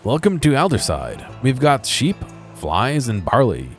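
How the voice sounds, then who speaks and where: A man voicing a cheerful, smooth-talking male alderman of a small farming town in a video game, reading the lines in his own plain voice. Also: mid-range voice, huge pitch swings, a little slow, soft background music, voice pushed up.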